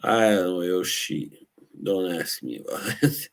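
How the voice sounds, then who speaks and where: A man with a low, gravelly voice hosts a live stream, chatting casually with viewers and reacting to the live chat. He speaks expressively at a measured pace, rambling, often laughing at his own stories, and searching for words.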